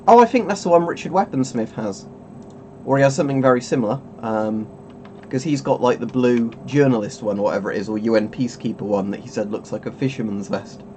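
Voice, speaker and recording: A man's voice: medium pitch, a little fast, warm tone, a little hiss or hum. A man hosting a casual webcam stream, rambling and chuckling as he keeps interrupting himself. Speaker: streamer host.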